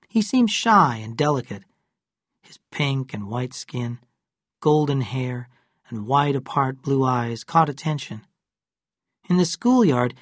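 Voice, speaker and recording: A narrator reads an audiobook at a steady, even pace. The voice sits in a middle pitch. The sound is dry and close with no room echo.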